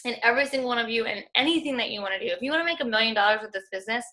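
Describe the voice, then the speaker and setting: A young woman with a raised, bright, forceful voice gives her team an earnest pep talk over a group call. She is casual and encouraging and keeps dropping in "like" and "y'all". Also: a little high, racing. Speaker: fitness coaching team leader.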